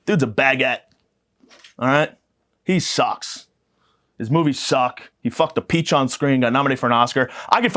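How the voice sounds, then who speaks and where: A man's voice: a little high, a bit bright. A young man hosting a podcast, delivering a profane, mock-aggressive comedic rant that rambles from point to point. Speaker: podcast host.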